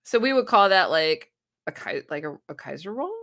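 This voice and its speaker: A woman's voice: lowish voice, big pitch swings, moderate pace, fairly bright tone. A woman hosting a casual live stream, reading viewers' comments aloud and chatting with them, laughing often. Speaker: booktube live-stream host.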